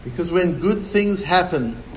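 A man, a rabbi, delivering a sermon in a slow, deliberate way with many rhetorical questions. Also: on the high side, lively intonation, a little hiss or hum, low-quality recording.

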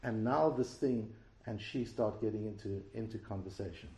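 In a roomy, echoing space, a Torah teacher gives an explanatory class at normal speed in a lowish, dark voice. He asks rhetorical questions and restarts his phrases, repeating words as he goes.

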